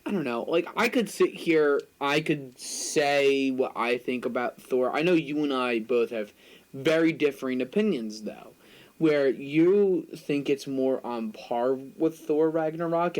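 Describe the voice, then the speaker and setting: A man's voice: mid-range voice, lively intonation, a little slow, a little mellow, poor audio. A young man co-hosting a podcast in casual chat, talkative and opinionated, hedging with fillers. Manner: talkative, opinionated, hedges with "like" and "I mean". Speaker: podcast co-host.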